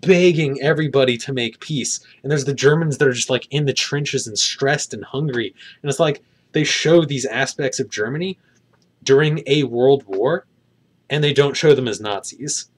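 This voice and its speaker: Male vlogger reviewing a film, mid-pitched, hesitant and rambling, lots of fillers. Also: normal speed. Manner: rambling, hedging, many fillers. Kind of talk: casual spoken review.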